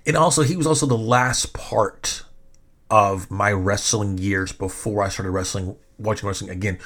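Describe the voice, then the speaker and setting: Brief: a man in his forties with a lowish voice, a rambling podcast host. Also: a bit bright. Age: 40s. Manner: rambling, filler-heavy. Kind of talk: casual monologue.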